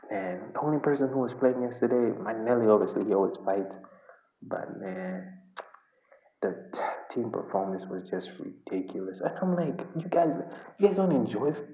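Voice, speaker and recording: A man's voice: fairly low pitch, a little mellow. A man from Uganda, a football fan vlogger, venting in an exasperated, repetitive reaction rant. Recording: echoey room.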